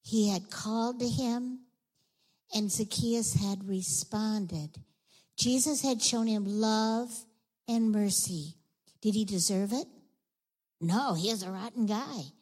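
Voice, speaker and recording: A woman leading a children's sermon, telling a Bible story in an animated way and asking the kids questions. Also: mid-range voice, takes it slowly, poor audio.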